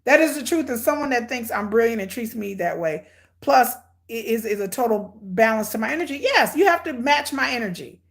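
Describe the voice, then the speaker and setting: A middle-aged woman giving blunt, sarcastic, animated commentary on a reality show she is watching. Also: fairly high pitch, fairly quick, creaky. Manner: hyperactive and energetic. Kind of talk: casual live watch-along commentary.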